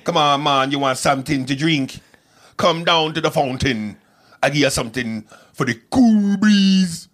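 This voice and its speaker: A man putting on a loud, playful Jamaican accent, talking up and drawling his words. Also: on the high side, pitched above the performer's own voice, lightly acted. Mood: inviting. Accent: put-on Jamaican. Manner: boisterous, drawn-out, playful.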